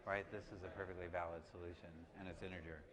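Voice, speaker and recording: A man giving a university lecture, halting, with many restarts and fillers. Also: low-pitched, level tone, a crowd in the background. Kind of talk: classroom lecture. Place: large lecture hall. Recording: reverberant lecture hall, faint noise.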